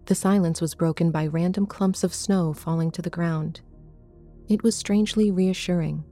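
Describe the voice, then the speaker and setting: A woman narrating a first-person horror story in a measured, suspenseful reading. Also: low-pitched, warm tone.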